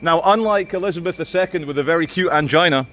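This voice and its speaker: A man's voice: on the high side, fast talker, a bit bright. Jokey English man walking a city street. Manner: jokey, mocking, chatty asides to viewers. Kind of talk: casual walking commentary. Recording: faint street noise outdoors.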